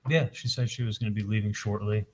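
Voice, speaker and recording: A man testifying in court, telling events in a halting way, often repeating words and retelling what was said with "I'm like". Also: lowish voice, fairly even intonation. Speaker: trial witness testifying.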